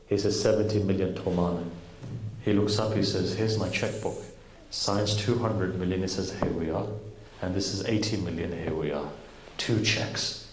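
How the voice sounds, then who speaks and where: A man's voice: low-pitched, normal speed, slight background noise. A man telling a story in a sermon, acting out each character's lines. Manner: animated storyteller acting out dialogue. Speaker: preacher. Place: mosque hall. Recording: echoey hall.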